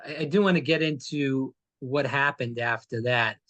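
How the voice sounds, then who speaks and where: A man talking as a podcast guest at a mid pitch. He is casual and halting, often stopping to restart. The close mic sounds dry. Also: fairly bright tone, no room sound. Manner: halting, many fillers and restarts. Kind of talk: casual interview talk.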